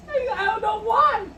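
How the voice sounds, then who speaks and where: A man's voice: very high-pitched, sharp tone. A man co-hosting a podcast, telling stories in casual chat and laughing often through them. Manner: giggly, laughs through his own stories. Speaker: podcast co-host. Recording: roomy echo, distant mic, faint noise.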